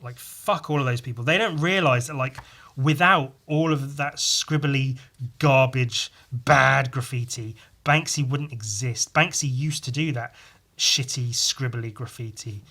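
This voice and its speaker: A man's voice: medium pitch, unhurried, sharp tone. Blunt, sweary man ranting casually. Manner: blunt and sweary, rambling with restarts. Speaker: podcast host. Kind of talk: casual opinionated monologue.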